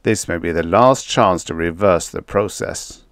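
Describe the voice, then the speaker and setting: A man's voice: sits low, measured pace, no echo, clean studio sound. A man voicing an earnest, serious astronomer. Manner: earnest, persuasive. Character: earnest middle-aged male astronomer, serious.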